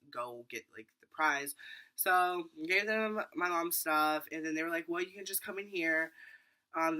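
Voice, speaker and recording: A teenage boy telling a rambling storytime vlog, full of fillers and acted-out quotes. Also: a little high. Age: teens. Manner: rambling, filler-heavy, animated retelling. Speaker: vlogger.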